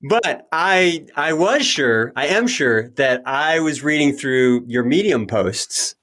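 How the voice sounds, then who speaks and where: A man's voice: a little high, animated, takes it slowly, fairly bright tone. Chatty self-deprecating male podcast host. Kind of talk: casual interview chat.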